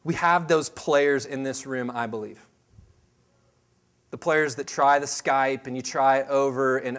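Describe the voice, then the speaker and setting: Storytelling man with a higher voice. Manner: animated storyteller, acts out other people's voices; loose and rambling, many fillers and restarts. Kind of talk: storytelling talk to a team meeting.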